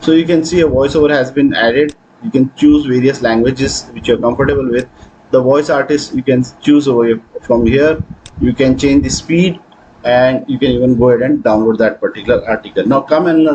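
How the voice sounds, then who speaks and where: A man hosting a software tutorial, talking through his screen with frequent hesitations. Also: mid-range voice, a little fast, lo-fi sound, a little hiss or hum. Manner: hesitant, many fillers. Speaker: tutorial host. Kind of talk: screen-recording software walkthrough.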